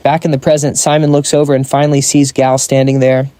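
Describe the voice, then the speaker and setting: A man's voice: mid-range voice, little pitch movement, fairly quick, mellow, no room sound. A man narrating a comic story recap in a scripted style, dropping wry joking asides.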